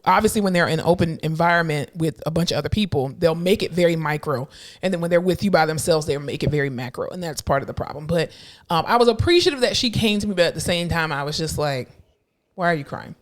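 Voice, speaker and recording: A woman's voice: low voice, fast. A young adult woman co-hosting a podcast, telling stories bluntly and acting out quotes in casual chat. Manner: blunt, animated storytelling with voiced quotes. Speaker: podcast co-host.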